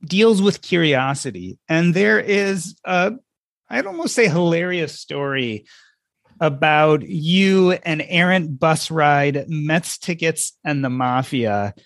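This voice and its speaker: A man's voice: on the high side, expressive, slow, a bit bright, no room sound, studio quality. A man hosting a podcast, asking an interview question in an amused, leading way. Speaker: podcast host.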